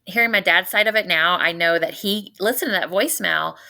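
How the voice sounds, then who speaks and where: Low, gravelly woman telling her story. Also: a little fast, pushed and bright. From North Louisiana. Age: 40s. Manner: earnest, retells events by quoting everyone's words. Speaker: podcast guest. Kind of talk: personal storytelling in casual conversation.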